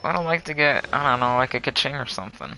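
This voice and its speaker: A man's voice: mid-range voice, fast talker, vocal fry, a little hiss or hum, poor audio. Chatty young man streaming game pulls. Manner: chatty, groans and complains loudly at bad luck. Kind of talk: casual live-stream commentary.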